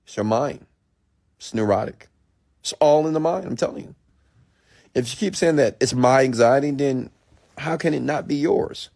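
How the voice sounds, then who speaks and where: A man's voice: medium pitch, moderate pace, gravelly, long pauses, darkish tone, no room sound, studio quality. A man giving a blunt, profane motivational rant late at night, preaching at his viewers. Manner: mimics whiny voices mockingly. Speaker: entrepreneur and mentor.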